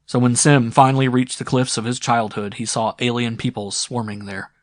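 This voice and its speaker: A man narrating a science fiction audiobook in a steady, dramatic reading. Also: medium pitch, moderate pace, no echo, clean studio sound. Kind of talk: scripted narration.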